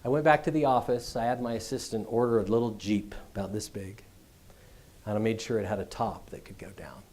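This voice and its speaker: A middle-aged man giving a business school address, telling stories in a conversational, animated way. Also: on the low side, brisk. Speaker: guest speaker.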